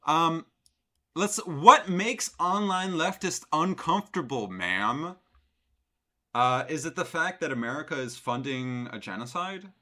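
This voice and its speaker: A man's voice: a little high, animated, a little slow, bright, forceful tone. A man streaming live, reacting to a clip with sarcastic, rambling commentary full of fillers.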